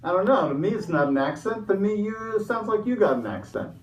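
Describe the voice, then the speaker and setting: A man playing a high-voiced greedy Easter Bunny businessman, pushy wisecracking manner, roomy echo, from far off. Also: lively intonation, brisk, a little hiss or hum. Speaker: comic interviewee.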